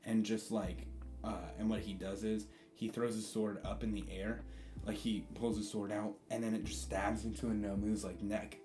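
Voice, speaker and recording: A man's voice: lowish voice, little pitch movement, moderate pace, mellow. A man casually telling a fan-fiction story, rambling in slang. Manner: rambling, slangy, laughs often. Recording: roomy sound with faint guitar.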